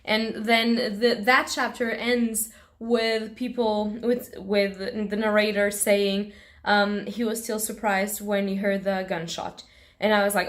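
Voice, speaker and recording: A woman's voice: medium pitch, little pitch movement, slow pace. A young woman book vlogger in a casual, emotional reaction vlog, gushing and swearing freely.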